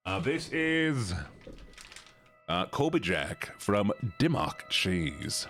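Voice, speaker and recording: A man's voice: on the low side, big pitch swings, drawn-out words, fairly bright tone, faint music behind. A man streaming a video game, joking with his chat and reading the game's text aloud. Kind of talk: casual livestream commentary.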